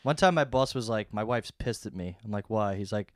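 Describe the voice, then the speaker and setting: A man's voice: on the low side, a little fast, no echo, clean studio sound. A man throwing wisecracks into a casual sibling chat. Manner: wisecracking, lively interjections. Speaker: sibling guest.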